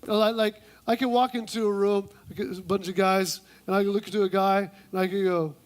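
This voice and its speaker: High-pitched pastor guy doing a funny sermon in church, mimics people a lot. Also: fairly even intonation, a little fast. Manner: playful, mimics women's gossip in a high voice. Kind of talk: humorous sermon.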